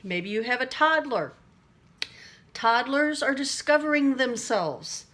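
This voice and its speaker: A woman's voice: sits high, expressive, slow, fairly bright tone. A middle-aged woman talking to camera in a casual, rambling way about everyday stress, acting out little voices and laughing at herself. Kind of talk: casual teaching monologue to camera.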